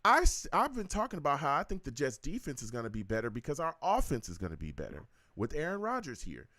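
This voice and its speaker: A man's voice: mid-range voice, wildly swooping pitch, fast, bright, forceful tone, dry recording. A man hosting a call-in sports show, talking in a hyped, slangy, casual way.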